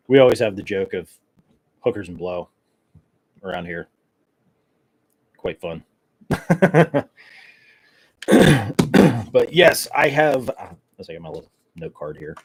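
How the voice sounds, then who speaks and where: A man's voice: on the low side, sing-song, takes it slowly, long pauses, husky, poor audio. A man hosting his podcast in a casual solo chat, rambling and joking in a caffeine-wired way with plenty of fillers. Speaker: podcast host.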